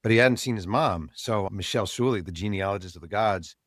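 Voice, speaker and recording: A man, an author guest on an interview show, telling a story in animated fashion and acting out the people he quotes. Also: fairly low pitch, a little fast, no room sound, studio quality.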